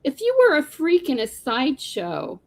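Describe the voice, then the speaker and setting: A woman appearing as a guest on a call-in show, explaining things in a measured, earnest way. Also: high-pitched, big pitch swings, poor audio. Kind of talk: casual call-in chat.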